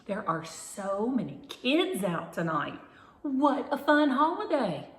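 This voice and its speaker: A woman voicing a cheerful, excitable female beagle puppy, high and bouncy. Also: slow. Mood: excited. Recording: roomy echo.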